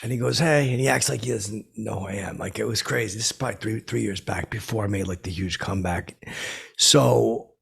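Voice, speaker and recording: A man playing a gravelly, raspy has-been comedian. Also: lowish voice, exaggerated voice. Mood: rambling boastful. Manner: rambling, halting, full of fillers and restarts. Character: self-important washed-up male comedian, rambling and deluded. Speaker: podcast host. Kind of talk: improvised comic character monologue. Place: home.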